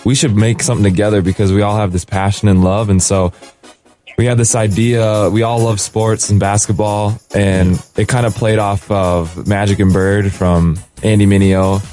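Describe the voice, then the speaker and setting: A man, a hip hop artist and producer, telling stories as a radio guest in a relaxed, eager way. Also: on the low side, moderate pace, soft background music. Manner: relaxed, eager storytelling with lots of "like". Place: radio studio.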